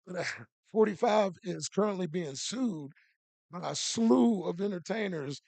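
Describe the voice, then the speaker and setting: A man co-hosting a podcast in relaxed casual chat, slangy and full of shout-outs. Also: high voice, measured pace, vocal fry, no echo. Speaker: podcast co-host.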